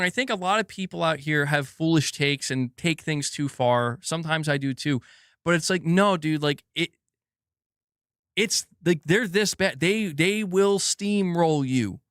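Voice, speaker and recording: A man's voice: medium pitch, fairly bright tone, no echo, clean studio sound. A young man streaming gaming news commentary, ranting heatedly with lots of swearing and filler words while reading super chats.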